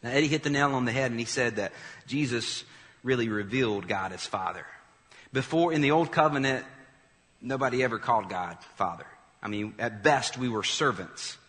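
Emphatic preacher man in a reverberant hall. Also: medium pitch. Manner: animated, emphatic, quick asides to the congregation. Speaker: pastor. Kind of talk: sermon.

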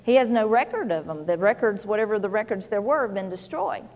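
A woman's voice: mid-range voice, expressive, brisk, a little mellow, big-room sound. A woman preaching a sermon in a folksy, conversational storytelling manner, full of "you know"s.

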